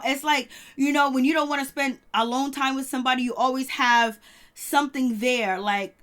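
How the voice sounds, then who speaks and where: A woman reviewing reality TV in casual chat, animated, laughing often and mimicking the people she talks about. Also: high voice, moderate pace.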